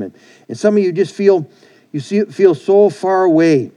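A male pastor delivers an earnest sermon, circling back and repeating phrases as he goes. His voice sits a little high but has a warm, mellow tone. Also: expressive, normal speed. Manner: repetitive, earnest preaching with many restarts.

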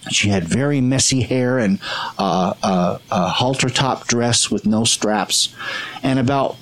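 Over poor audio, a middle-aged street portrait photographer shares stories in a conversational podcast chat, earnestly voicing the people he quotes. He speaks at a medium pitch, a little slowly.

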